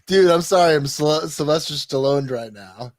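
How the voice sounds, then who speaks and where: A man's voice: fairly high pitch, moderate pace. A man hosting a casual podcast, reading guest introductions and teasing his co-host with frequent laughter. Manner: laughs often, animated, playful teasing.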